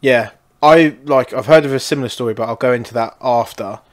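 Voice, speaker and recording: A man's voice: medium pitch, brisk. A man co-hosting a casual advice podcast, sweary and rambling with lots of fillers. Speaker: podcast co-host.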